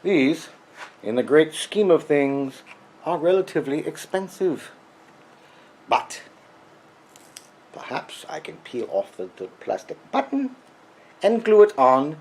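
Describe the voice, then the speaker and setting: A man's voice: a little high, lively intonation, slow, pauses often, a little hiss or hum, poor audio. A man in his home workshop, talking to the camera in a rambling monologue with dry, grumpy asides, often slipping into a put-on mock Freudian accent. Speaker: workshop vlogger.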